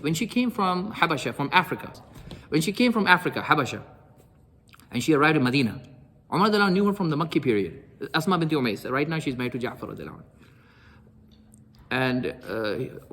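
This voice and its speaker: A man's voice: medium pitch, lively intonation, fast, big-room sound. A man giving a religious lecture, telling stories animatedly and acting out the dialogue.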